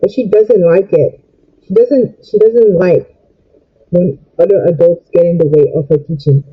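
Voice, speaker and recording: Upset, husky young woman ranting. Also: fairly low pitch, measured pace, narrow, tinny audio. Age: young adult. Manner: upset, rambling, emotional. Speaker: vlogger. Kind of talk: get-ready-with-me rant while doing makeup.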